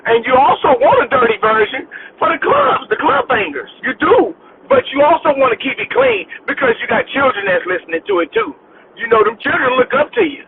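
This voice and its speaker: A man with a notably high voice that swings widely in pitch. He talks in a laid-back, rambling way, dropping "you know" and "man" constantly. The sound is thin and phone-like, with steady noise underneath. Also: a little fast, gravelly. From Beaumont, Texas. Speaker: independent rapper, guest. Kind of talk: casual interview talk. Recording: tinny phone-like line with noise.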